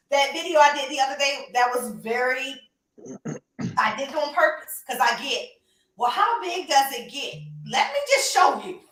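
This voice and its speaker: Woman, emphatic, animated, slightly high voice. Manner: emphatic, animated storytelling with laughs. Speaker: podcast co-host and reptile breeder. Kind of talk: casual chat. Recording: roomy, distant from the mic.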